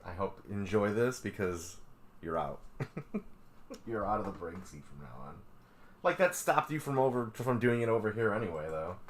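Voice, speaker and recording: A man's voice: on the low side, lively intonation, fairly quick, a little hiss or hum. A man co-hosting a card-break livestream, trading dry, mock-exasperated banter. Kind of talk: joking live-stream chat.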